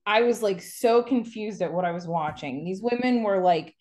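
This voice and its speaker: A woman co-hosting a casual podcast, talking in long rambling stretches. She keeps restarting her sentences and mimics the people she describes. Her voice sits at an ordinary middle pitch. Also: normal speed. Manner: rambling, animated storytelling with mocking quotes. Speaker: podcast co-host. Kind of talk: casual chat.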